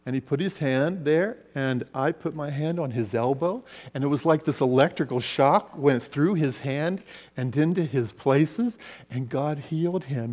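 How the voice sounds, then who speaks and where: A man preaching a sermon, telling stories and swinging between loud passages and hushed ones. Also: medium pitch, expressive, normal speed. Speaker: pastor. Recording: long reverb of a large hall.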